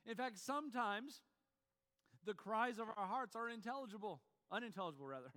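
A man's voice: sits high, lively intonation, a little fast, bright, forceful tone, long reverb tail. A man preaching a sermon in a conversational way, with fillers and restarts. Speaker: pastor.

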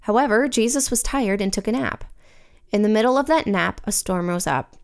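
A woman's voice: mid-range voice, lively intonation, normal speed. A woman giving an earnest, reflective scripted devotional reading. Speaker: devotional speaker.

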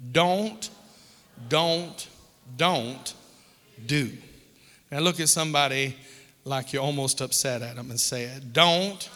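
A man's voice: mid-range voice, fairly even intonation, slow, long pauses, bright, forceful tone. A man preaching a sermon as pastor to a congregation in a church. He leads call-and-response and adds joking asides. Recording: long reverb of a large hall.

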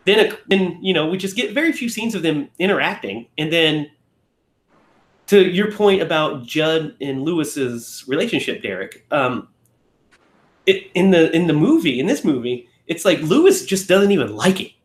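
Man, fairly high voice, casual film-talk co-host, loose and rambling, in a roomy echoey space. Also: sing-song, moderate pace. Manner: rambling, self-correcting, often acts out lines. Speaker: podcast co-host.

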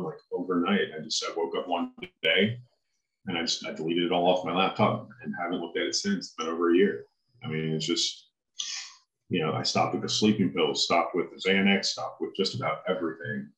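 A man telling his personal faith testimony as an interview guest, in an earnest, halting way. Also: deep voice, fairly bright tone, reverberant, poor audio.

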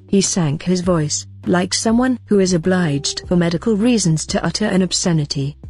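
A woman reads a novel aloud in a measured, even way. Her voice is low and a little husky. Faint music plays underneath. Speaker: audiobook narrator. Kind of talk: scripted narration.

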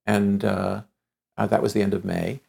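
Gravelly-voiced man telling a story. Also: lowish voice, normal speed. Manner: lively storyteller who acts out quoted dialogue; frequent stammered restarts. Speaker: writer telling an anecdote. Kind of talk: animated anecdote in conversation.

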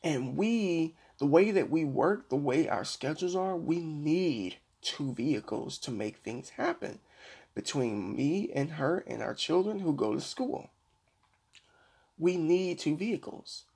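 A middle-aged man hosting a Christian devotional podcast, preaching earnestly and slowing down to read scripture. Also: a little high, expressive, creaky, darkish tone, slightly rough. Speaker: podcast host.

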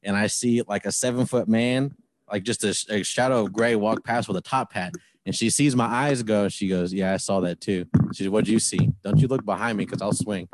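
Man, low voice, podcast co-host, relaxed storytelling, dry sound. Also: brisk, dry recording. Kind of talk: casual storytelling chat.

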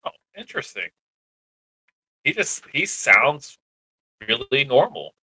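A man co-hosting a podcast, chatting casually with playful, deadpan jokes. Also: medium pitch, slow pace, slightly rough, poor audio. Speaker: podcast co-host. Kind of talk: casual chat.

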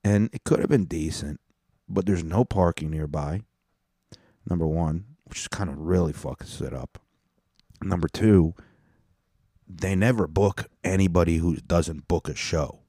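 A man's voice: low voice, a little slow, pauses often, dark tone, dry recording, clean studio sound. A man talking casually and profanely to his listeners, rambling and interrupting himself as he tells a story about comedy open mics. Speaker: stand-up comedian and podcast host. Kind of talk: casual solo rant.

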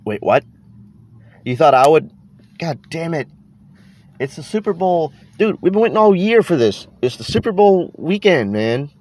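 A man's voice: on the high side, sing-song, normal speed, long pauses, darkish tone. A man hosting a casual podcast, talking with a stuffy nose from allergies, tired, rambling and swearing as he trails off. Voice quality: congested, nasal. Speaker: podcast host.

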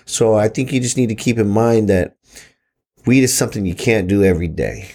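A man in his thirties with a low voice, casually telling stories on a podcast, easygoing, swearing and laughing often. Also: expressive, a little fast, dark tone. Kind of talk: casual storytelling.

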